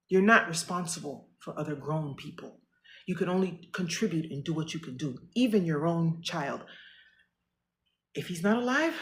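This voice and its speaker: A woman's voice: sits low, vocal fry. Emotional middle-aged woman giving herself a pep talk. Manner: talks to herself, earnest and self-encouraging; swings between loud declarations and hushed near-whispers. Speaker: vlogger. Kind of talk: personal pep-talk vlog.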